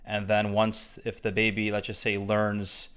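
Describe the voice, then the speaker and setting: A man's voice: lowish voice, completely flat delivery, unhurried, fairly bright tone, clean tone. A man hosting a podcast interview, asking long, winding questions padded with fillers. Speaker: host.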